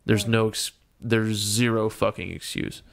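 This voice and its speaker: A man's voice: lowish voice, flat delivery, unhurried, creaky. A man co-hosting a casual podcast, ranting heatedly and swearing constantly. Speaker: podcast co-host.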